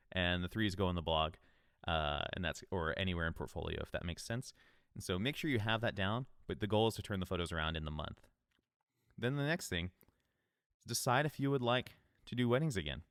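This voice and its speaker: A man's voice: low-pitched, a bit bright, smooth, no room sound, studio quality. A man hosting a solo podcast, giving casual, upbeat advice in a conversational way. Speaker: podcast host.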